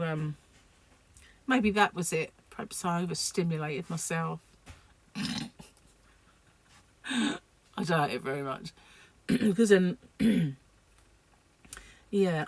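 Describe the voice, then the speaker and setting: Sleepy lady chatting to her camera at home, lowish voice, lots of ums and trailing off. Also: animated, slow pace, pauses often. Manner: rambling, chatty, many fillers. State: sleep-deprived. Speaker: vlogger. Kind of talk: casual chat to camera.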